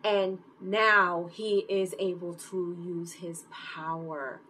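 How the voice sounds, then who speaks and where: Animated woman recapping a TV episode. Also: on the low side, slow pace, a little hiss or hum, low-quality recording. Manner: animated storytelling with many fillers; openly emotional reactions. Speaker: TV series reviewer.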